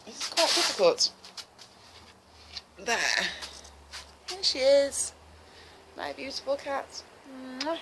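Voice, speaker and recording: A woman's voice: a little high, lively intonation, measured pace, long pauses, noisy background. A woman filming herself in her garden in winter, chatting casually to the camera and coaxing her cat in a cooing, sing-song voice. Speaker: vlogger. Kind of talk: casual vlog chat to camera. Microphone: handheld camera filming herself.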